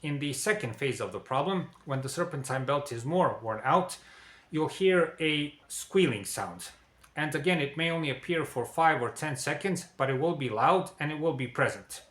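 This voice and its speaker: Man, car repair tutorial, bright forceful tone, echoey garage, step-by-step explaining, checks in with viewers. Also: fairly high pitch, lively intonation, moderate pace. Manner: repeats "okay?" and addresses "dear viewers". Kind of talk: instructional explainer.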